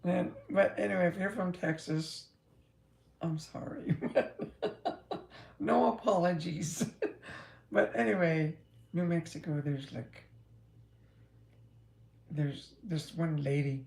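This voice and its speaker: A woman's voice: lowish voice, takes it slowly, gravelly, long pauses, a little mellow, echoey room. A woman who drives a truck, chatting casually and rambling with frequent laughs. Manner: chatty, meandering, laughs often.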